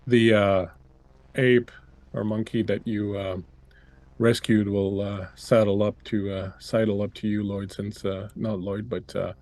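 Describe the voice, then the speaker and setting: A man's voice: lowish voice, flat delivery, a little slow, a little mellow, dry recording. A man narrating as game master in a tabletop game, rambling with many fillers. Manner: meandering, filler-heavy.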